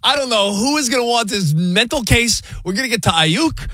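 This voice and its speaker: A man co-hosting a sports radio show, chatting casually in an animated, rambling, joking way. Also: extremely high pitch, brisk, dry recording.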